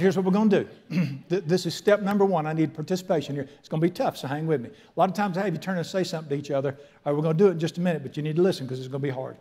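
An older man preaching a sermon as pastor, joking with the congregation and turning soft and earnest in prayer. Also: a little high.

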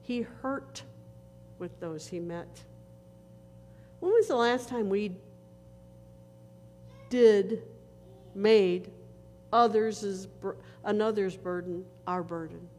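A woman pastor preaching a sermon in a church, slow and earnest, with dramatic pauses. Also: medium pitch, mellow. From northern United States. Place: church sanctuary. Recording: reverberant church hall with faint noise.

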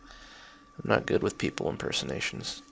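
A man's voice: normal speed, fairly bright tone. A young man commenting on his own gameplay, cursing at his mistakes and making sarcastic asides. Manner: swearing, frustrated outbursts and sarcastic asides. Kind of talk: let's play commentary.

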